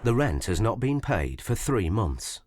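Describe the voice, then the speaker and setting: A man narrating a documentary in a scripted, measured and expressive way. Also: fairly low pitch. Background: background music.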